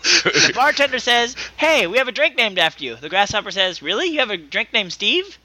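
A man's voice: high-pitched, sing-song, fairly quick, sharp tone, no echo. A man co-hosting a casual comedy podcast over a call, telling jokes in an exasperated, profane way. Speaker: podcast co-host. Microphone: remote call mic.

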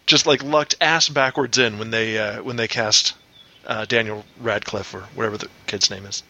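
A man co-hosting a casual podcast, telling a story in a relaxed, profane way. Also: on the low side, normal speed. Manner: laid-back, swearing storyteller. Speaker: podcast co-host. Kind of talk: casual chat.

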